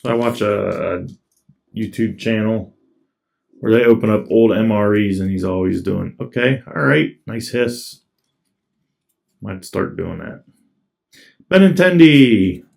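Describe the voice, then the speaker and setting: Man, slow unhurried talk, gravelly fry, laid-back, casual card-opening commentary. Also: lowish voice, expressive, a little mellow. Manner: laid-back, reads off cards as he goes. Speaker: card collector opening packs.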